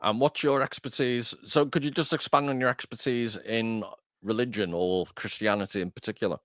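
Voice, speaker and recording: Man, host, casual chat, mid pitch, dry close sound, rambling. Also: steady tone, fairly quick, fairly bright tone, no room sound. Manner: chatty, self-deprecating, rambling. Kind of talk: casual discussion.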